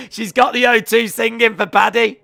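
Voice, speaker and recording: A man hosting a live watch-along stream, reacting to fights with excited shouts and exclamations. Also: very high voice, gravelly.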